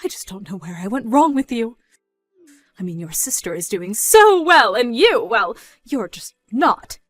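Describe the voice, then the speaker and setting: A woman's voice: on the high side, big pitch swings, a little slow, dry recording, soft background music. A woman voicing a controlling, scornful middle-aged mother, nagging and incredulous in a scripted story dub.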